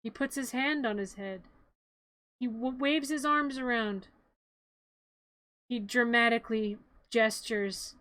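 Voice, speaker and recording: A woman's voice: fairly high pitch, slow pace, pauses often, no room sound. A woman streamer giving a rambling, joking play-by-play of a film in a casual live stream. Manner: animated, rambling play-by-play with jokes.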